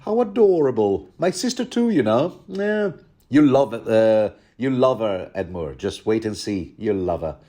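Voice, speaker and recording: A man's voice: fairly low pitch, animated, normal speed, mellow, lightly acted. A man voicing an overly cheerful, chummy young nobleman who gushes at everyone. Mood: gushing. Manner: gushing, chummy.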